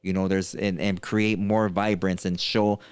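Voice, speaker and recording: A man in his thirties hosting a podcast, telling a story in casual chat and acting out quotes with a higher voice. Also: little pitch movement, measured pace, smooth, dry recording. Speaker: podcast host.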